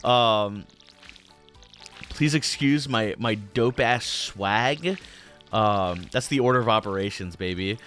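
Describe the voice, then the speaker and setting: Soft music sits behind this young man as he hosts a laid-back game playthrough. His voice is lowish and a bit bright, he takes his time, and his commentary wanders with plenty of "um"s and playful slang.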